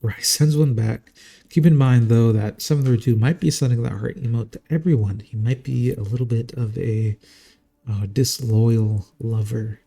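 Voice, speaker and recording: Gravelly, husky male game caster. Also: medium pitch, normal speed, dark tone. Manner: casual, chatty, jokey, laughs often. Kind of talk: live game commentary.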